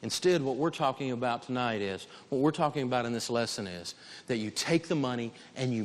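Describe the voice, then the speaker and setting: A man teaching a live money lesson to an audience, preachy, rising to shouts for emphasis. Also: medium pitch, lively intonation, fairly quick. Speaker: financial teacher. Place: large hall with a live audience. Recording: long hall reverb.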